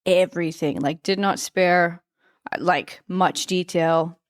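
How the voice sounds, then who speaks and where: A woman telling a dating story in a casual chat, animated and swearing freely. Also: lowish voice, slow, dry recording, clean studio sound. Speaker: guest.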